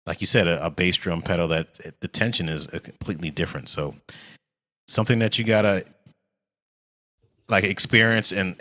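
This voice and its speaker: A man speaking as a podcast guest, a drummer explaining his craft in a thoughtful, measured way. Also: low-pitched, pushed and bright. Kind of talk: casual interview chat.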